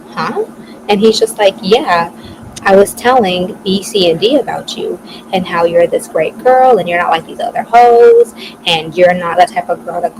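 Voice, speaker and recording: A young woman podcast co-host telling a personal story in casual chat, quoting other people in a quick back-and-forth. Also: lowish voice. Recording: clear background noise.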